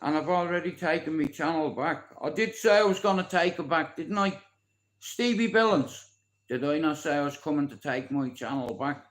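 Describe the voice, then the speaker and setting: Irish guy in his 40s ranting on his live stream, kinda high voice, bit of swearing. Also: expressive, normal speed, fairly bright tone, rough recording. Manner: boastful, rambling, swears freely. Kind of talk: casual live-stream chat.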